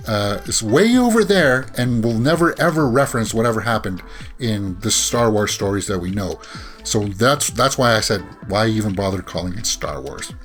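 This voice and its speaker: A man's voice: medium pitch, fairly bright tone. A man giving casual commentary as a movie news vlogger, rambling with frequent fillers and restarts and sighing, exasperated asides.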